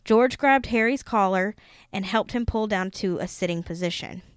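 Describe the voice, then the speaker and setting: A woman's voice: mid-range voice, normal speed, smooth, no echo, clean studio sound. A woman podcast host reading a book aloud, with the occasional laughing aside.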